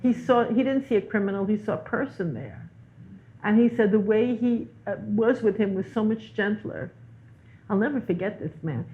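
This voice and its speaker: Woman guest, animated storyteller, mid-range voice, heard through a phone-like line. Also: medium pitch, moderate pace. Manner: animated storyteller, repeats words for emphasis. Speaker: guest teacher. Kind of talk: spiritual conversation.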